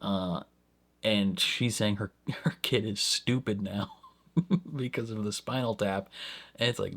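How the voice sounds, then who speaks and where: Man, lowish voice, casual reaction host, rambling, filler-heavy, spikes into animated bursts. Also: normal speed.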